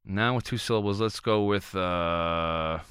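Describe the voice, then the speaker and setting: A man's voice: deep voice, unhurried, fairly bright tone, clean tone, dry recording, studio quality. A male show host in casual comedic banter, playful and teasing.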